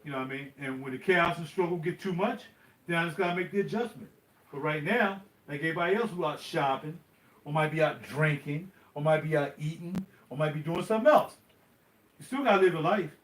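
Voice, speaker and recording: A middle-aged man talks straight to his viewers in a loose live-stream chat. His voice sits a little high for a man. He rambles from one thought to the next as he goes. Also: brisk, a bit bright. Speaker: vlogger.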